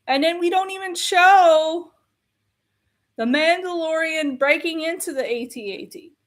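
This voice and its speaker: A woman with a high voice rants through a film review, exasperated and given to repeating herself. She takes her time, drawing out each complaint in a slow, deliberate delivery.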